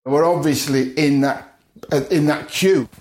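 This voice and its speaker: A man's voice: on the high side, steady tone, unhurried, darkish tone. A middle-aged man from the north of England, a podcast guest telling his story vividly, acting out other people's lines and chuckling often. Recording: roomy echo.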